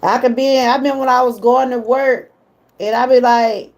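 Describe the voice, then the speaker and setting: A woman's voice: on the high side, steady tone, brisk, a little mellow. A middle-aged woman with a Southern US accent, chatting casually with viewers on a livestream and getting emotional when she talks about her mother. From Georgia, US. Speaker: livestream host.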